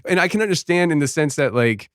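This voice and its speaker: A man's voice: fairly high pitch, animated, quick pace, a bit bright, smooth, no echo, clean studio sound. A man hosting a casual podcast interview, enthusiastic and full of filler words. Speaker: podcast host.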